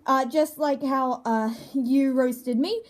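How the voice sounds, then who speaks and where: A woman reading a comedy roast aloud in a stilted, over-enunciated way, with slow, awkward pauses. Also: high voice, fairly even intonation. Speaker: younger self in an old video clip.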